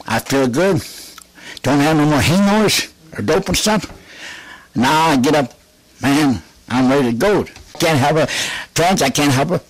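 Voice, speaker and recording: A man with a fairly high voice delivers a fervent religious testimony, breaking into laughter between phrases. He repeats his key lines again and again, pushing harder each time, and the recording is close and dry with no room sound. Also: no echo. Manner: repeats phrases with rising emphasis.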